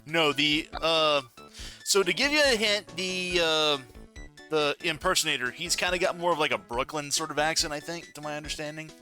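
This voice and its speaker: A man's voice: fairly high pitch, normal speed, pushed and bright, faint music behind. A man chatting casually while playing a game, stammering and repeating himself, laughing and swearing.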